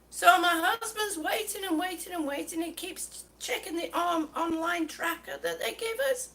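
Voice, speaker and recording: A woman's voice: very high-pitched, normal speed, few pauses, sharp tone. A woman telling an exasperated story to her viewers, stumbling over her words and short of breath. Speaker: vlogger. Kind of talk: ranting story to camera.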